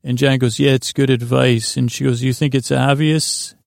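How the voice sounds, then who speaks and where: A male podcast host with a medium-pitched, heavily creaky and gravelly voice gives a rambling bedtime recap of an episode. He meanders through it at an unhurried, flat, even pace, trailing off into plenty of fillers. The recording is close and dry, with no room sound at all.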